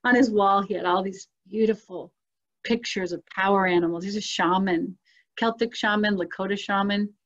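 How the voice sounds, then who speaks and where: In a casual conversation, a woman recounts her own life story at a moderate pace and medium pitch. She's lively and expressive, performing the voices of people she quotes and laughing a lot. The audio is dull and lo-fi.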